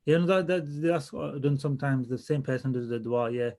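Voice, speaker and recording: A man teaching a religious class in a relaxed, conversational way, often restarting his sentences as he thinks aloud. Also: medium pitch, normal speed. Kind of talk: casual classroom lesson.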